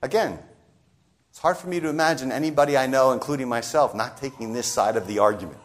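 A man preaching a sermon, talking straight to his listeners and acting out the voices in the story he tells. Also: fast talker. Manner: animated, sweeping pitch and loudness, acts out quoted voices.

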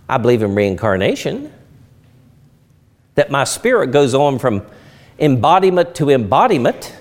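A man's voice: medium pitch, very animated, normal speed, long pauses. A middle-aged man preaching a sermon in a teaching tone, posing rhetorical questions and answering them.

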